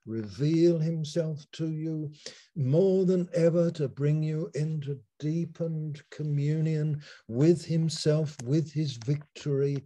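Male preacher, sermon over video call, unhurried and emphatic, builds from hushed to loud. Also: a little high. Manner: slow, emphatic preaching with dramatic pauses and swings in loudness.

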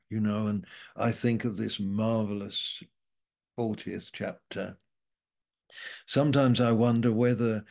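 A man gives an informal sermon explaining Bible verses, rambling and frequently saying "you know." At times he drops from loud to hushed. His voice is fairly low and gravelly.

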